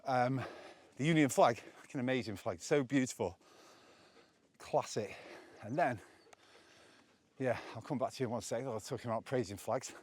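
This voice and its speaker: A man's voice: medium pitch, normal speed, long pauses, darkish tone. An English man vlogging outdoors while walking up hills, a little out of breath, chatting casually and opinionated from a handheld camera on a stick. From England. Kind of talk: casual walking vlog monologue.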